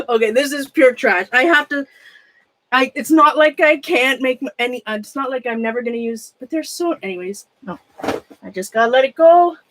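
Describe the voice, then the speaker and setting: A woman's voice: high-pitched, normal speed, pauses often, fairly bright tone. A woman chatting casually to her live-stream viewers. She rambles, often trails off and restarts mid-sentence, and laughs at herself a lot. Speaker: craft room vlogger.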